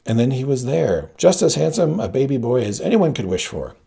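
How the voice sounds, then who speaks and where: A man reading a story aloud, narrating in a gravelly voice and giving each character its own pitch. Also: sing-song, brisk. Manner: reads all characters with shifting pitch, quiet narration tags. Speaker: audiobook reader. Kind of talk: scripted narration.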